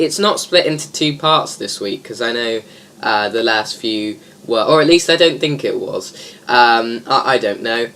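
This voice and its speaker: Brief: male show host, casual and rambling, hesitant delivery, middling pitch. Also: pushed and bright. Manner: rambling, hesitant, many fillers. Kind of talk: casual comedy review show.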